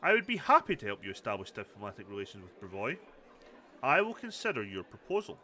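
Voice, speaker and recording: Brief: man reading a formal old woman, measured, lively bright tone. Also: lowish voice, pitched below the performer's own voice, exaggerated voice. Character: polite old woman advisor.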